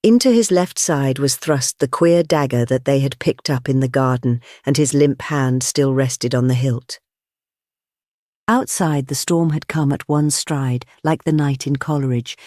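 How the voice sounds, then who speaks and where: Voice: mid-range voice, mellow, dry recording. Audiobook narrator with a dry close sound. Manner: measured storytelling. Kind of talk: scripted narration.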